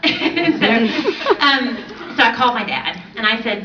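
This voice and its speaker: Woman in her forties, stage testimony speaker, lively and laughing, dull far-off recording in a big room. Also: a little high, measured pace, background noise. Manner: animated storyteller, laughs often. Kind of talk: personal testimony speech. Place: large event hall on stage. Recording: roomy distant hall audio, dull.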